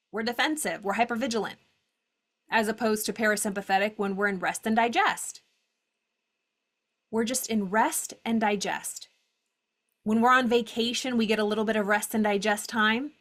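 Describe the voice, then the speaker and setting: Animated woman coaching on a live call. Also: a little high, moderate pace. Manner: animated, acts out inner voices with exclamations.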